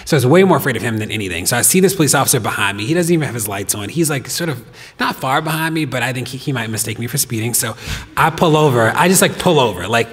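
Husky man telling a story in a hall. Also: mid-range voice, fast talker. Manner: animated, laughing anecdote with many fillers. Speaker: podcast guest. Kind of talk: storytelling in a live talk. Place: stage of a performance venue. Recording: long reverb of a hall.

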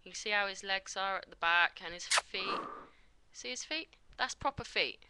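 A woman's voice: medium pitch, normal speed, background noise. A woman giving a casual, blunt toy review on a poor built-in microphone, swearing constantly and muttering as she handles the toy.

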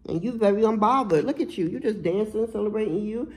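A woman's voice: mid-range voice, fast talker, poor audio. Blunt, profane woman doing a tarot reading. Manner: blunt, profane, emphatic street talk. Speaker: tarot reader.

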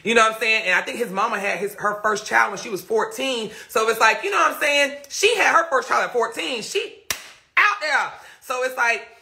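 A man on a live stream telling a storytime rant, animated and laughing as he talks straight to his viewers. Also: very high voice, a little fast, gravelly, slight background noise.

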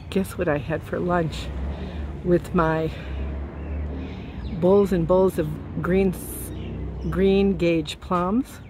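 A woman's voice: on the low side, steady tone, very slow, long pauses, background noise. A woman hosting a casual garden vlog outdoors, playful and chatty. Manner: playful, whispers at times. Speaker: channel host.

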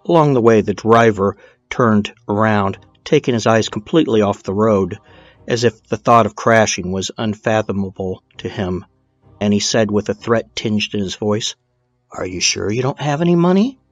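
A man's voice: on the low side, fairly even intonation, moderate pace, dry recording, muffled recording, soft background music. Guy telling a true crime story, casual and blunt, swears a bit, dry voice. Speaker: documentary narrator.

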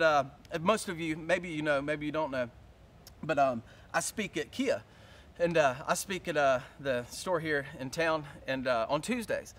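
A man with a high voice preaches a sermon. He swings from quiet, slow passages to loud shouts. He often repeats words and restarts his lines. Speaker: pastor.

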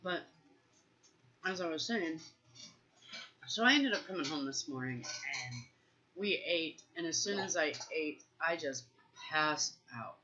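A woman chats in a relaxed, storytelling way. Her voice sits low but has a bright, forceful edge, and the recording sounds dull and lo-fi. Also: unhurried, long pauses. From Ohio, USA. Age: 40s. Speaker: parent and channel host. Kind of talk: casual home chat while gaming.

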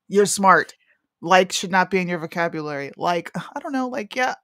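A woman's voice: fairly low pitch, moderate pace, fairly bright tone, no echo, studio quality. A woman co-hosting a casual chat stream, blunt and outspoken, with lots of slang. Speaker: co-host.

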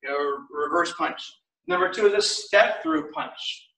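Upbeat high-voiced martial arts instructor. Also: male voice, big pitch swings, unhurried, gravelly, pushed and bright, recorded from a distance. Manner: upbeat, encouraging, casual with fillers. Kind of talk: online class instruction, calling out drills. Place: martial arts studio, indoors. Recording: echoey studio, voice from off-mic.

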